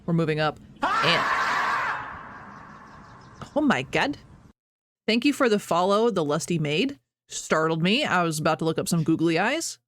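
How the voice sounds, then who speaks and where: A woman's voice: on the low side, big pitch swings, measured pace, pauses often, a bit bright. Bubbly rambling woman streamer. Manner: bubbly, rambling and self-deprecating. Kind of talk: casual live-stream chat. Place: home office.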